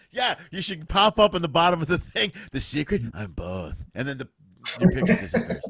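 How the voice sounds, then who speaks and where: A middle-aged man hosting a casual remote comedy chat, an animated storyteller who acts out other people's voices. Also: high-pitched, normal speed, no echo. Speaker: podcast host. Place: home, remote video chat.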